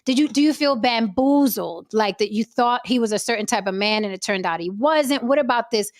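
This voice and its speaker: A woman's voice: a little high, fairly quick, dry recording, studio quality. A woman hosting a talk panel, teasing her guests and pressing them with questions. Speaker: host. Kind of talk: casual chat.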